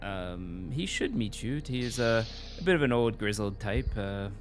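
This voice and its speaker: A man's voice: lowish voice, lively intonation, normal speed, soft background music, close to an everyday voice. A man voicing a courteous city informant with a vague generic European accent, speaking hesitantly in a tabletop role-play. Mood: helpful. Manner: hesitant, courteous, full of ums. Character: helpful male city informant and tracker.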